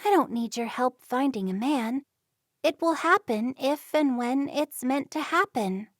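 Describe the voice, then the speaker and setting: A woman's voice: sits high, lively intonation, a little slow, no room sound, studio quality, voice pushed up. A woman voicing a reserved, stubborn young Amish woman in a storybook reading, speaking plainly. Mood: defensive.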